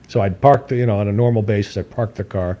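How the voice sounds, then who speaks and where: Here a man with a lowish, dark-toned voice talks fast with fairly even intonation, captured on lo-fi audio. Co-hosting a podcast, he rambles through a long personal story casually, laughing often and acting out quotes in a raised voice.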